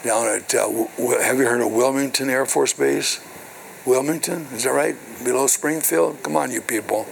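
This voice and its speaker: A man's voice: mid-range voice, moderate pace, vocal fry, slight background noise, low-quality recording. An older man, a minister, preaching a sermon to his congregation, reading scripture and then explaining it with call-and-response asides. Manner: call-and-response preaching with repeated "hello" and "right". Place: church.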